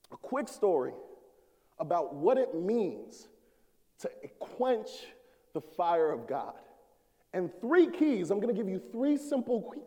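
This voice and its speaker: High, impassioned male preacher in a hall. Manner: impassioned preaching, swelling to shouts and dropping low. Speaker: associate minister. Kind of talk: sermon.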